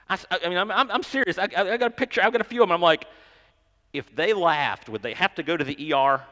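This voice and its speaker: A man's voice: high-pitched, fast talker, sharp tone. Man preaching in a reverberant church. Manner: conversational, self-deprecating, stammers and repeats words. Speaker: pastor. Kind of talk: sermon. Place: church sanctuary.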